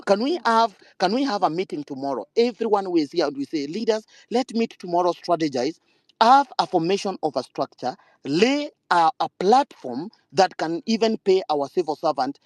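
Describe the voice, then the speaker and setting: Insistent man, raised pitch. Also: no room sound. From Kenya. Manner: insistent, speech-like. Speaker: speaker.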